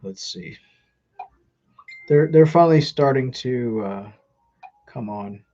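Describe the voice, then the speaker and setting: A man's voice: mid-range voice, lively intonation, slow pace, warm tone, lo-fi sound. A man hosting a live stream, talking casually and rambling with many ums.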